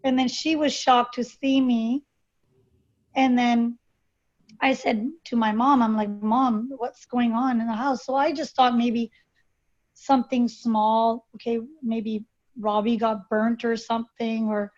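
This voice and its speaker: A woman guest telling a personal story in an interview, halting and hesitant with many fillers and restarts. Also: a little high, flat delivery, a little mellow. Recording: dull lo-fi recording.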